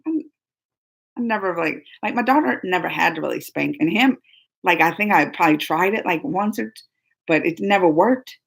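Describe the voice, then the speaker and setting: A woman's voice: fairly low pitch, animated, a little fast, gravelly. A woman hosting a casual live stream, chatting and rambling to viewers, laughing often. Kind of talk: casual live chat reading viewer comments.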